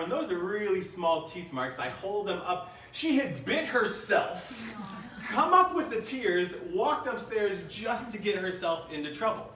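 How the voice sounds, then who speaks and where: American man, 30s, animated keynote storyteller with jokes, heard from a distance in a roomy hall with faint noise. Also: high voice. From United States. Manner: storytelling with jokes and playful asides. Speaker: keynote speaker. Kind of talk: humorous live keynote talk. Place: conference room.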